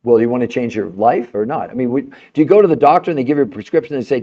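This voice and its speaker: A man's voice: mid-range voice, racing, hardly any pauses, mellow, muffled recording. A man hosting a live health stream, talking with indignation, laughing in disbelief and firing rhetorical questions at his viewers. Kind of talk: heated livestream monologue.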